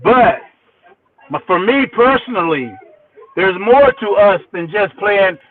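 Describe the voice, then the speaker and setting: A man and working musician swaps road stories in a casual interview, animated and repeating himself as he builds each point. His voice sits high for a man. It reaches the listener thin and narrow, like a phone call. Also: slow. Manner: animated, repeats words, acts out quotes. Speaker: musician guest. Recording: tinny phone line.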